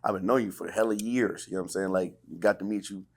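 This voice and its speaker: A man's voice: low voice, steady tone, quick pace. A man from California hosting a podcast interview in laid-back street slang. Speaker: podcast host. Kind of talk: casual interview chat.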